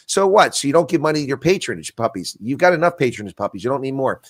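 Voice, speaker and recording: Fast-talking, blunt retired colonel, man. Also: fairly high pitch, animated, dry recording, clean studio sound. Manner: blunt, emphatic, rapid-fire arguing. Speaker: retired colonel and intelligence analyst guest. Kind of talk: frank political discussion on a live stream. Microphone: video call.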